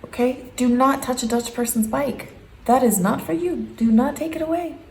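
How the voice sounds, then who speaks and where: Her voice sits high with a darkish tone at a normal pace as this woman in her thirties hosts a playful home vlog, exaggerating voices whenever she quotes someone. The room echoes and faint background noise is audible.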